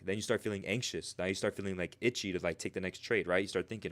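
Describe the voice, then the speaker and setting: Low-voiced man teaching on a live stream. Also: expressive, fast talker, fairly bright tone. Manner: tags nearly every sentence with "right?"; slangy and talkative, answers chat. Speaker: trading coach streaming live. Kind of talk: casual livestream teaching.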